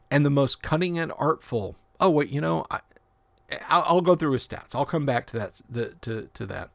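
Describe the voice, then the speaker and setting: A man's voice: on the high side, animated, normal speed, gravelly, dry recording. A man hosting a casual livestream, reading tabletop rule text aloud and breaking off for joking asides and self-corrections. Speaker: livestream host.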